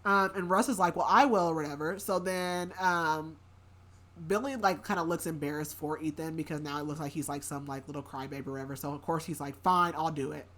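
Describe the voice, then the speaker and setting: A woman's voice: low voice, fairly even intonation, a little fast, a bit bright. A woman hosting a book podcast, casually recapping a story in a rambling way with many filler words.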